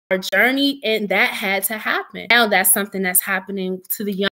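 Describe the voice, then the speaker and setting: A woman's voice: mid-range voice, fairly even intonation, fairly quick, hardly any pauses, pushed and bright. A young adult woman giving an earnest, emotional personal testimony as a podcast guest, often quoting her own prayers.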